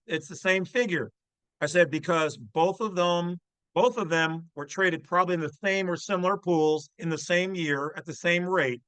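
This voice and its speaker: A man's voice: on the high side, pushed and bright, clear, resonant tone, no echo, low-quality recording. A man hosting his channel, commenting in a brash, folksy, slangy way. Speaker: channel host. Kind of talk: casual commentary on a read-aloud text.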